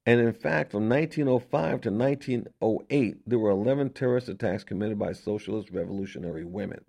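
Speaking quickly in a fairly low, creaky voice with a warm tone, a man hosts a radio program explaining history in a conversational, emphatic style. Rhetorical questions come often, as do repeated words and restarted sentences.

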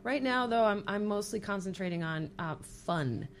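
A woman's voice: medium pitch, lively intonation, normal speed, background noise. A woman guest artist chatting casually in an interview, rambling with fillers. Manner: rambling, lots of fillers and laughs.

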